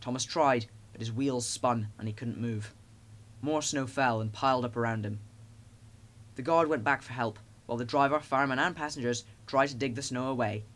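A man reads a children's storybook aloud with lively expression. His voice sits in an ordinary middle range, neither deep nor high. The telling is steady and clear. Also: moderate pace. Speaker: narrator. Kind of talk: storybook narration.

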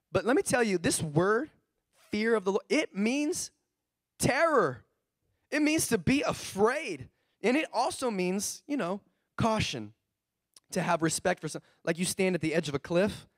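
A man preaching a sermon as pastor, animated and acting out the voices of the people he describes. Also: high voice, unhurried, no echo, clean studio sound. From California. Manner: animated, acts out quoted voices.

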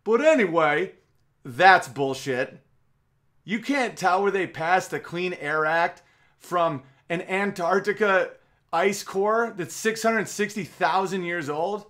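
A man's voice: high-pitched, slow pace, fairly bright tone. A man hosting a podcast, delivering a casual comedic monologue in a rambling, profane, emphatic way.

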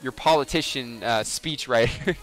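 A man's voice: medium pitch, measured pace, fairly bright tone, soft background music. Joking, profane young male streamer. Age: 20s. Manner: joking, profane, laughs often. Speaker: game streamer. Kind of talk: casual livestream chat.

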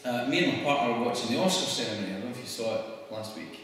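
A man's voice: mid-range voice, lively intonation, fairly bright tone, a little hiss or hum. Scottish man speaking in an echoey hall. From Scotland. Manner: conversational and wry, quick laughs. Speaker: speaker at a public event. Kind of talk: public talk to an audience. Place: church hall. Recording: echoey hall recorded from far off.

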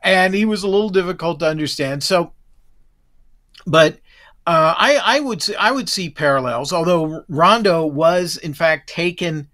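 A man with a voice a touch higher than most, talking casually as a podcast guest. He wanders from point to point and often restarts his sentences before finishing a thought. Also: moderate pace, a bit bright. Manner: rambling, restarts and trails off. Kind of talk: casual chat.

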